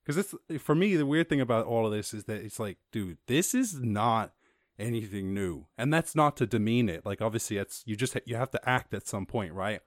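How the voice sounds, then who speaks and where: A male podcast host riffs on the news in a loose, profane, animated way, often laughing at his own points. His voice sits at a middle pitch. It is recorded close up in a dry room with no echo. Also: normal speed. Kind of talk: casual commentary podcast.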